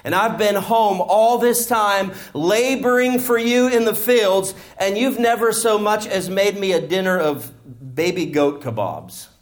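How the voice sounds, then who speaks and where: A man's voice: sits high, a little slow, hardly any pauses. A man preaching a sermon in a church, acting out the characters as he explains a parable. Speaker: pastor.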